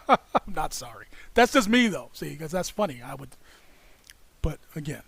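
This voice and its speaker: A man's voice: fairly high pitch, very animated, moderate pace, vocal fry, a bit bright, husky. Rambling, laughing man on a livestream. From United States. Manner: rambling, laughs often, reads viewer comments aloud. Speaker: livestream co-host. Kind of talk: casual livestream chat.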